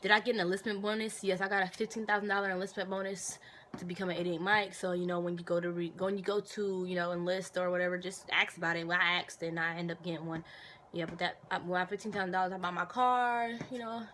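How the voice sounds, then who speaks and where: A young woman vlogs a casual Q&A into her phone at a rapid clip. She tells her stories animatedly, breaking into indignant bursts, with many fillers along the way. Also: on the low side, little pitch movement, a bit bright, a little hiss or hum. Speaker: vlogger answering viewer questions. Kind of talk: casual Q&A vlog.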